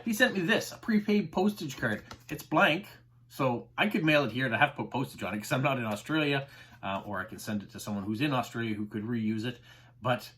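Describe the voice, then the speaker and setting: A man's voice: on the high side, a bit bright. A man hosting a stamp collecting channel, chatting enthusiastically to camera and explaining terms, with frequent "uh"s. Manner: enthusiastic, chatty, says uh often. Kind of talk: casual explanatory chat to camera.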